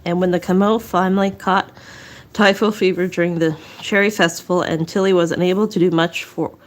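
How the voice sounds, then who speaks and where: Casting note: woman narrator, a bit low-pitched, reading history aloud casually, short of breath, restarts lines, drops dry asides. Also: fairly even intonation, a little fast. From southwest Nova Scotia. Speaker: storyteller reading local history.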